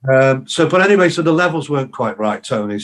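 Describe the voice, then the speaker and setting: A man's voice: mid-range voice, fast. An older man, a musician and songwriter, telling rambling stories as a podcast guest, acting out what people said to him. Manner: lively anecdotes full of acted-out quotes; rambling, with many fillers and restarts. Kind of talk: casual interview storytelling.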